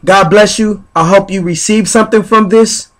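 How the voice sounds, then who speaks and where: A man leading guided spiritual affirmations in slow, repetitive, chant-like phrases. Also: sits high, fairly even intonation. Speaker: spiritual speaker.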